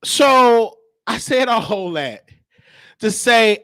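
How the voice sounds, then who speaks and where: High bright-voiced guy, telling wild family stories, dry close mic. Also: slow, no echo. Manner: animated, acts out quotes, frequent laughter. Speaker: host. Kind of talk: storytelling monologue.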